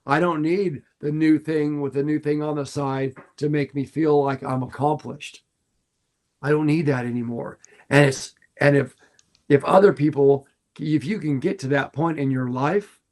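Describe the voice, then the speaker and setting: A middle-aged man, a fishing guide, talking earnestly and warmly on a podcast, repeating phrases for emphasis. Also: a little high, fairly even intonation, a little slow. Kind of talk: casual podcast talk.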